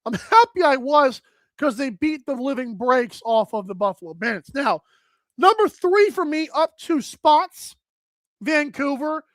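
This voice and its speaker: A woman hosting a live sports talk stream, chatting casually and thinking out loud with lots of filler words as she addresses viewers. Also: sits high, animated, measured pace, no room sound. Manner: chatty, thinks aloud with many "like"s, addresses chat. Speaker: sports talk show host.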